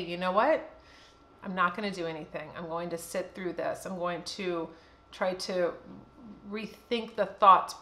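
A woman's voice: medium pitch, pushed and bright, echoey room. A woman in her fifties talking candidly and casually to camera as a beauty vlogger, chatty and full of fillers.

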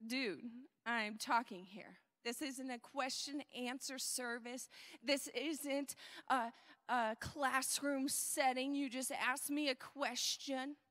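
A woman's voice: sits high, a little slow, sharp tone. Woman doing a sassy, exasperated Jesus. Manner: sassy, paraphrasing with attitude. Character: exasperated, blunt male Jesus, lowered voice.

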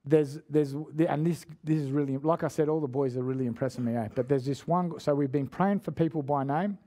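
A man gives a sermon in a church, his voice sitting a little high. He tells stories in a loose, chatty way, full of slang and false starts. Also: brisk, mellow. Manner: chatty, slangy, restarts often. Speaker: guest preacher. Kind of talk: casual sermon storytelling.

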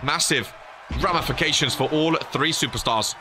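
A young man giving excited play-by-play commentary on a wrestling video game, rising to shouts at near falls. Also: fairly high pitch, moderate pace, pauses often, noisy background.

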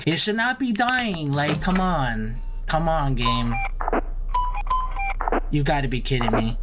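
Jittery young man playing a horror game. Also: medium pitch. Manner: nervous, repeats himself, hypes himself up. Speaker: gaming YouTuber.

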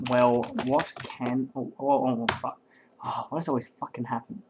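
A man commentates a game in an excitable, rambling stream, swearing freely as he goes. His voice sits at an ordinary middle pitch. Faint keyboard clicks tap away behind him. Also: normal speed, slight background noise, poor audio. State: hyped up and sleep-deprived. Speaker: game caster.

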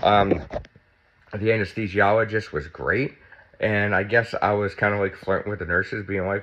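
A man's voice: lowish voice, steady tone, normal speed, a bit bright. A man in his fifties vlogging at home, sore and tight after surgery, chatty and blunt and swearing freely. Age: 50s. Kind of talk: casual vlog talk. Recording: dull lo-fi sound.

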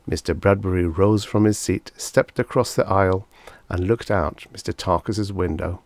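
A man narrating a vintage science fiction story as an audiobook, measured and unhurried through the descriptions. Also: deep voice, fairly even intonation, darkish tone, no room sound.

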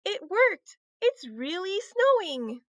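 Lady putting on a bouncy little girl voice, high and swoopy, all excited. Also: a little slow, dry recording, lo-fi sound, full character voice. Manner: excited, playfully grand. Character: lively young girl playing dress-up.

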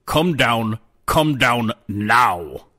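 A man's voice: medium pitch, animated, very slow, pushed and bright, dry recording, studio quality, heavily acted. A man voicing a stern, commanding queen in a spoken story. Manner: regal, imperious.

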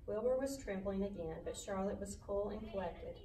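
A woman, a school principal, reading a children's chapter book aloud in a gentle, expressive way. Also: medium pitch, normal speed, hardly any pauses, echoey room, recorded from a distance, slight background noise, rough recording. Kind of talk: children's storybook read-aloud.

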